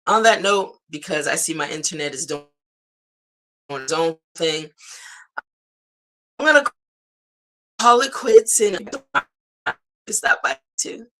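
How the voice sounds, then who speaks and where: Signing off her live morning stream, this middle-aged host is upbeat, chatty and encouraging, calling everyone "guys." She speaks in a low, animated, fairly bright voice, taking it slowly with frequent pauses.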